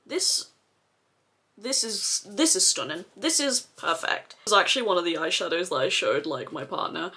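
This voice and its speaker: A woman's voice: lowish voice, animated, moderate pace, bright, forceful tone. A woman chatting casually while doing her makeup, swearing freely and filling her talk with "like". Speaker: makeup vlogger.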